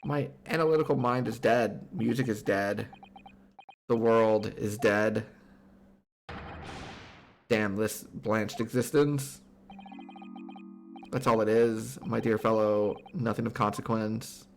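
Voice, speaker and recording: A man playing a gloomy eccentric male detective who speaks slowly and mournfully with theatrical despair. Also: on the low side, fairly even intonation, vocal fry, a little hiss or hum.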